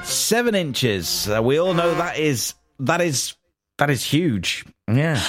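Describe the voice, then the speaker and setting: Casual male radio host, slightly high, animated delivery, with a music bed behind him. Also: takes it slowly. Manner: chatty, rambling, with frequent fillers. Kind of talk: casual radio chat, reading listener messages.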